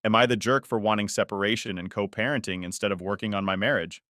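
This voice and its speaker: Low-voiced man reading stories, dry sound. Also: quick pace, sharp tone, no room sound. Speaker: story narrator. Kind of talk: scripted narration.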